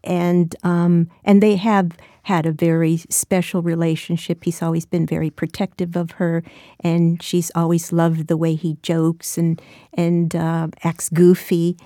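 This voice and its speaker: Woman in her 60s, author guest, mellow tone, lowish voice, reflective, halting. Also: little pitch movement, no room sound, studio quality. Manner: reflective, halting, with frequent restarts. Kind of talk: interview conversation and reading.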